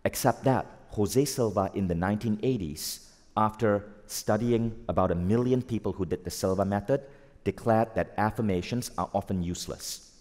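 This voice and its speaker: A man giving a live motivational talk to an audience, energetic and asking the crowd questions. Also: on the low side, moderate pace. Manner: energetic, asks the audience questions, acts out quoted voices. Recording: long hall reverb.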